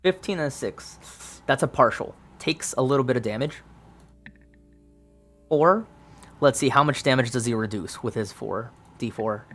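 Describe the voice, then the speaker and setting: A man's voice: mid-range voice, normal speed, long pauses. A man casually narrating a solo tabletop game, thinking aloud through dice rolls with plenty of ums.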